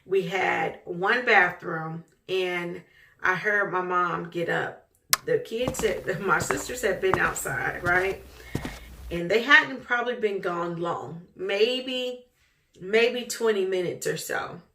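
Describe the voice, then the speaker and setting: Animated woman telling a story. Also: lowish voice, takes it slowly, gravelly, background noise. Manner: animated, laughs often while telling. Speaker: vlogger. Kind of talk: casual storytelling. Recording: echoey room.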